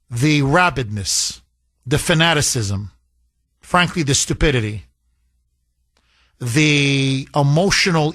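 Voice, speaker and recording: Man, radio host, combative monologue, lively swooping delivery, dry close studio sound. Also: on the high side, no echo. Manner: heated, scornful, emphatic repetition. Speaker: radio talk show host.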